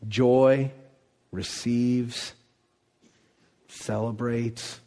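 Animated male preacher in echoing hall. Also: medium pitch, very slow. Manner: animated, acts out quoted voices, swings from loud to hushed. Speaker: pastor. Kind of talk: sermon. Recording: long reverb of a large hall.

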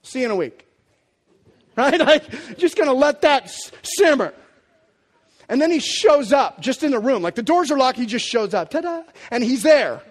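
Animated high-voiced male preacher. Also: moderate pace, big-room sound. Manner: animated, acts out quotes of Bible figures. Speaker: pastor. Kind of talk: sermon.

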